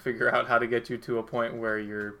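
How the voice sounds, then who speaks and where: Casting note: calm, wry sorcerer, measured and unhurried, done by the game master. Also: male voice, mid-range voice. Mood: patient. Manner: measured, hesitant with fillers. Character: calm adult male sorcerer, patient, wry.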